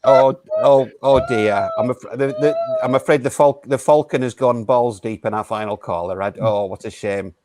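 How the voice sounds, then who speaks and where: A man's voice: mid-range voice, normal speed, hardly any pauses, a little mellow, close to an everyday voice. A man playing a hesitant, stammering phone-in radio host in an improvised comedy show. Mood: awkward.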